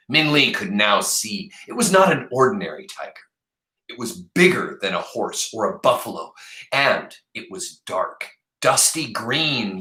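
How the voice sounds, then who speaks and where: A man's voice: lowish voice, pushed and bright, echoey room, low-quality recording. A man, a teacher, reading a novel aloud to his class and stopping often to talk with the students.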